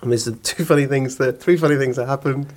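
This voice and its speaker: A middle-aged man, a comedian guest on a podcast, telling anecdotes in casual chat, animated and laughing often. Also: medium pitch, fast talker. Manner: animated storyteller who laughs often and slips into voices.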